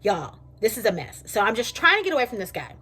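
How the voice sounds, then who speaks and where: A young woman, casually vlogging and telling a story in a chatty, animated way from her kitchen. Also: a little high, fast, slightly rough. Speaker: beauty vlogger. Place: home kitchen.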